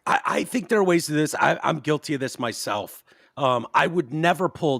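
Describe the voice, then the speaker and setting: Male podcast host, a bit higher than most, animated with mocking impressions, casual chat. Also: moderate pace, creaky, no echo, clean studio sound.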